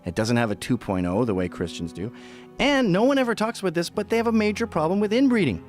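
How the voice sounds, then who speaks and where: Sardonic man with a lively voice. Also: sits high, fast, soft background music. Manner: blunt, sardonic, mimics other people's voices; profane. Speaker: commentator. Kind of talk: casual opinionated chat.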